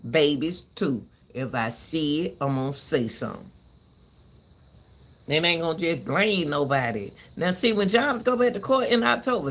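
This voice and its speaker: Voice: mid-range voice, a bit bright, slight background noise. A host giving a heated commentary rant, repeating herself and cursing as she vents. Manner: fiery, repeats herself, cusses.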